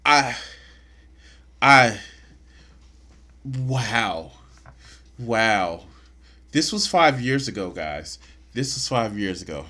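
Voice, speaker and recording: A man's voice: medium pitch, lively intonation, very slow, long pauses, bright, forceful tone. A man streaming live, commenting on clips in a mocking, crude way. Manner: mocking, crude, bursts into laughter.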